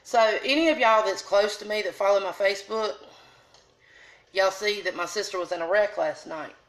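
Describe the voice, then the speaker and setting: A woman's voice: mid-range voice, normal speed. Folksy woman chatting live. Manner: folksy, chatty, greets viewers by name. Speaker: live stream host. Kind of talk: casual live video chat. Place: salon, indoors.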